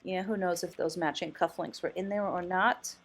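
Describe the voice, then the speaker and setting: A woman vlogging casually as a thrift host, chatty and enthusiastic, often exclaiming and thinking out loud. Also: fairly low pitch, steady tone, normal speed. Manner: muses aloud, thinking out loud. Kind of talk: casual vlog commentary.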